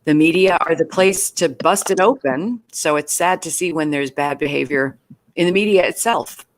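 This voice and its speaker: A woman's voice: sits low, normal speed. A woman guest author chatting in an interview, thinking aloud with hesitant restarts over a video call. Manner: thoughtful, hesitant, warming up as she talks. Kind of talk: casual interview chat.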